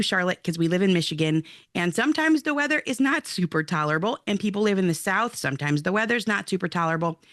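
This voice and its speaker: A woman's voice: mid-range voice, no echo, studio quality. A woman in her forties, a guest in an interview, telling a personal story with earnest energy and acting out what people said. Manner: lively, earnest storytelling with acted-out quotes. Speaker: guest, mother and outdoor-play advocate.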